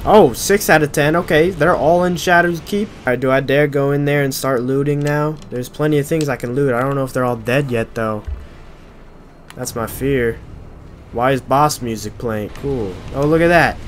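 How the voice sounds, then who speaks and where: A man's voice: mid-range voice, normal speed, a little hiss or hum. A young man giving casual gameplay commentary, joking and exasperated as he talks to himself. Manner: joking, exasperated self-talk. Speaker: gaming video creator. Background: loud game music.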